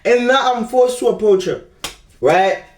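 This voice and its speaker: Speaking at an extremely high pitch, this young South African man tells a casual storytime in slangy street talk, expressive and unhurried. He rambles and keeps calling the viewer "bro," recorded from a distance in an echoey room.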